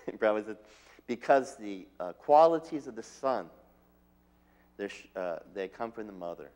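A man's voice: lowish voice, expressive, moderate pace, pauses often, a little mellow. A man earnestly recounts his spiritual teacher's words in an interview, quoting him at length. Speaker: disciple recalling his teacher. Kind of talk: reminiscing interview.

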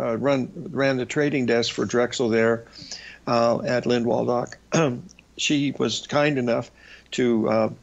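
A man's voice: medium pitch, creaky, highs cut off. An older man hosting a radio show, telling long rambling stories about his past with lots of fillers. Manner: rambling anecdotal storytelling with fillers.

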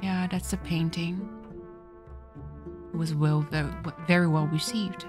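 A woman's voice: on the low side, fairly even intonation, unhurried, over music. A woman streamer giving casual let's-play commentary, reading the game's text aloud and then getting tearful and swearing.

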